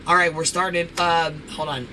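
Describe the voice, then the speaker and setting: A man co-hosting a live reaction stream talks in an excitable, profane way, quick to laugh. A clear hum of air conditioning runs behind his voice. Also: on the high side. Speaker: co-host.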